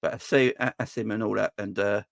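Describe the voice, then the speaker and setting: Fan-channel host, casual comment-reading chat, dry close sound, voice leaps up when riled. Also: male voice, quick pace, gravelly, no echo. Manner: animated, voice jumps high when ranting.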